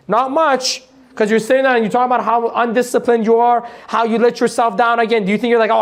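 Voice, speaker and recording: A man giving a live motivational training to an audience. He talks bluntly, swears casually, laughs at his own points and keeps firing rhetorical questions at the room. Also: high-pitched.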